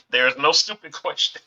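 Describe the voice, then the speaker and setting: A man's voice: a little high, animated, slow pace, bright, forceful tone, dull audio. A man co-hosting a podcast as its producer, teasing and insistent in casual chat.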